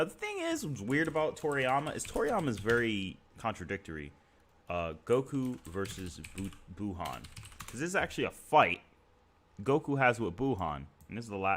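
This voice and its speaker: A man's voice: fairly low pitch, fairly bright tone. A man hosting a live stream, talking through scenes one by one in a casual, conversational way with fillers. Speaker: stream host.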